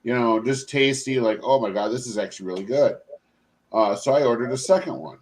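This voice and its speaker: A man's voice: mid-range voice, fairly quick. Man, stream host, casual chat, laughs often, faint noise. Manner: laughs a lot, swears freely.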